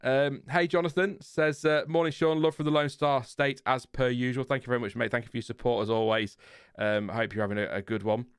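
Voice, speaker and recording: Lincolnshire guy chatting on a stream, calm flat voice, rambly, dry close mic. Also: mid-range voice, a little fast, clean tone, no echo. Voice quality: calm, fairly flat intonation. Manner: chatty, rambling, laughs often, trails off. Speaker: livestream host. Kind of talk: casual chat reading live comments.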